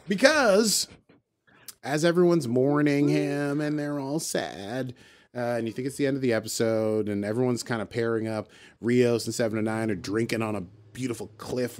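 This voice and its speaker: A man hosting a podcast, recapping a TV episode in a relaxed, conversational way. He slips in and out of quick, loose paraphrases of the characters' lines. His voice sits at an ordinary middle pitch. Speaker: podcast host.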